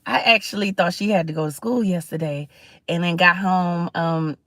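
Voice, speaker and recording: A chatty middle-aged woman hosts her livestream, speaking in a fairly low voice. She talks in a preachy, conversational way and greets viewers as she goes. The sound is dry and close, with no room echo. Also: normal speed, a bit bright. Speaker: livestream host. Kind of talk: casual livestream talk.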